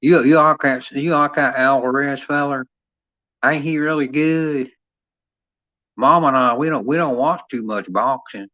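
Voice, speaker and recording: A man's voice: medium pitch, measured pace, pushed and bright, no echo, pitched above the performer's own voice. A man voicing a folksy, simple rural hick who drawls and repeats himself. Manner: drawling, repetitive country talk. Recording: dull lo-fi sound.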